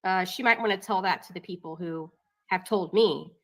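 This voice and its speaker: A woman's voice: lowish voice, normal speed. A woman commenting on a panel, answering back with sarcastic rebuttals. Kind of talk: commentary chat.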